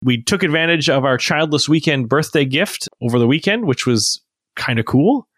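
A man in his thirties chatting casually as a podcast co-host, telling lively stories and putting on childlike quotes. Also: on the high side, normal speed, dry recording, studio quality. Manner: animated storytelling with childlike voiced quotes. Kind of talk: casual chat.

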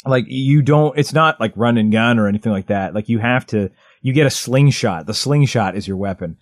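A man in his thirties, co-hosting a podcast in casual chat, rambling excitedly with lots of "like" and restarts. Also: medium pitch, brisk, dry recording, clean studio sound. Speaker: podcast co-host.

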